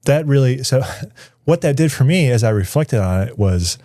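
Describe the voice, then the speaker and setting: A man's voice: mid-range voice, animated, moderate pace, warm tone, dry recording. A man, a guest on an interview show, tells a personal story in a studio, thinking aloud and often restarting his sentences. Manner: reflective, searching for words with frequent restarts. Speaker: guest, writer.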